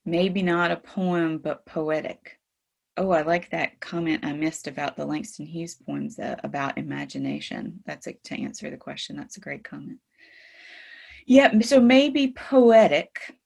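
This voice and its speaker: A woman's voice: sits low, a little slow, creaky, darkish tone. A woman teaching a poetry class over a video call, explaining with frequent fillers and rhetorical questions. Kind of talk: online lecture on poetry.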